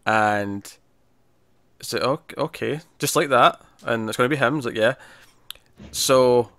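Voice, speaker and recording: A man chats through an episode recap, jumping into characters' voices as he goes. His pitch sits in the middle of the range. The recording is dry and close. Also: a little slow, no echo. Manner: animated recapping, acts out characters' lines; frequent restarts and repeated words. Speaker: podcast co-host reviewing TV. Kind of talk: casual review discussion.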